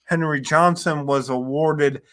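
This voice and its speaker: A man's voice: a little high, fairly even intonation, a little slow, fairly bright tone. A man in a casual podcast chat, recounting a war story with hesitant fillers. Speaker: guest author.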